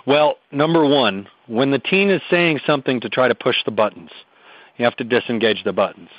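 A man's voice: medium pitch, fairly quick, no room sound. Radio guest, male parenting expert, earnest and emphatic, dull dry radio audio. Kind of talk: radio talk show discussion.

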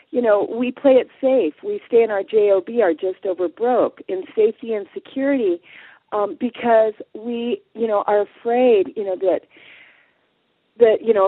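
A woman guest in a radio interview, telling a story in a lively way and acting out what people said. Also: medium pitch, breathy edge, dry recording. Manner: animated storyteller, acts out quotes. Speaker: guest, passion coach. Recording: dry tinny phone line.

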